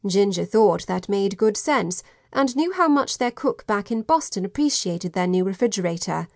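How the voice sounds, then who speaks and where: A woman narrates an audiobook in a measured, even storytelling voice. Her pitch sits in the middle range. The recording is dry and close. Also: dry recording. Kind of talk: scripted narration.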